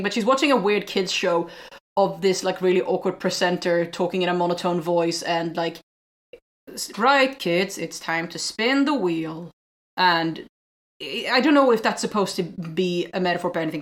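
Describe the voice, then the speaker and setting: A woman on a casual podcast recaps a film scene by scene. She stumbles and restarts often and mimics the characters as she goes. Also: fairly low pitch. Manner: animated recapping with frequent restarts and acted-out quotes. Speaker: podcast co-host. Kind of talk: casual film review chat.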